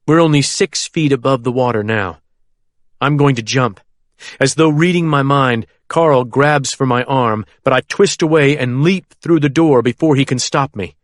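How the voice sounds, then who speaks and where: Male audiobook narrator, steady and measured, medium pitch, dry booth. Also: no room sound. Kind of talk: first-person thriller audiobook narration.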